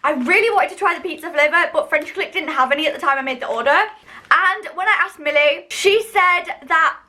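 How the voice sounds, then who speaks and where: A young woman from the United Kingdom reviews snacks for her vlog in a casual, enthusiastic ramble full of fillers. She talks briskly in a very high-pitched voice that sounds pushed and bright.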